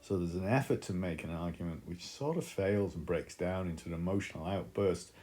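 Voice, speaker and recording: A man's voice: low-pitched, brisk, a little mellow, soft background music. A man teaching a literature lesson, explaining in a thoughtful way with frequent fillers.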